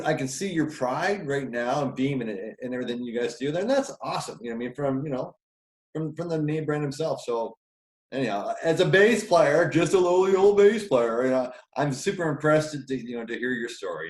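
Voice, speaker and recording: A man, a bass player co-hosting a podcast, thanking the guest in a casual, self-deprecating way. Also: expressive, brisk, echoey room. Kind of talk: casual chat.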